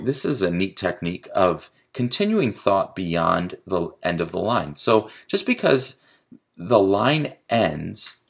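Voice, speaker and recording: A man's voice: sits low, vocal fry. A man giving a creative writing lecture, explaining poetry step by step and tapping out the meter aloud. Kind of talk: recorded video lecture.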